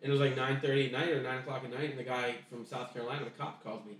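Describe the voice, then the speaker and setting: A man's voice: mid-range voice, little pitch movement, very fast. A man on a podcast casually telling a long story, rambling with restarts and acting out bits of dialogue. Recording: echoey room, voice distant from mic.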